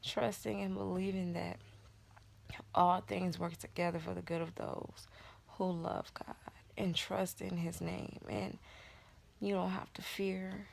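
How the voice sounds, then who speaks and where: Gravelly-voiced woman vlogger. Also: fairly low pitch, a little mellow. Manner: encouraging, preacherly. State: pregnant. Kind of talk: casual vlog with faith encouragement.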